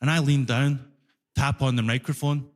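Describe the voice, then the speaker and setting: A man from Glasgow with a Glaswegian Scottish accent telling an animated stand-up story, acting out both sides of an argument on a large hall stage. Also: medium pitch, normal speed. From Glasgow, Scotland. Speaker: stand-up comedian. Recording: live hall reverb.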